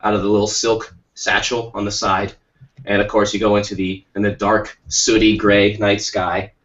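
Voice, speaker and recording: A man's voice: fairly low pitch, little pitch movement, normal speed, a bit bright. A man co-hosting a podcast, telling a rambling, jokey story with many restarts. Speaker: podcast co-host. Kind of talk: playful storytelling chat. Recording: muffled lo-fi stream audio.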